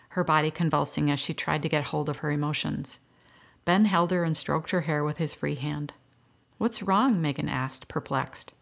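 A woman narrating an audiobook story in a steady, even storytelling manner. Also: sits low, vocal fry.

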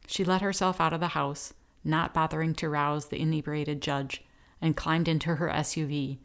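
Low voiced woman reading a novel aloud, steady and even. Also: moderate pace. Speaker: audiobook narrator. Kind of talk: scripted narration.

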